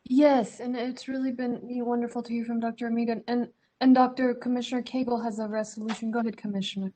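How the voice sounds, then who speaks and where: A woman chairs a public meeting as county judge. Her voice is higher than usual but mellow. She keeps things moving, passing the floor to speakers with brisk courtesy. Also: flat delivery.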